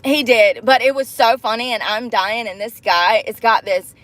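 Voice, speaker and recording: A young woman talking straight to her viewers in a loose, candid vlog, voice sitting a little high. She keeps it animated and breaks into laughter and squeals, and she calls her audience y'all, girl and baby. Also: normal speed, no echo. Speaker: vlogger. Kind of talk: casual chat to camera.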